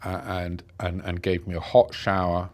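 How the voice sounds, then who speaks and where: Middle-aged british guy, lowish voice, telling his story slow and halting. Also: monotone. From Britain. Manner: reflective, halting, many restarts. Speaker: interview guest. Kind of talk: personal storytelling in an interview.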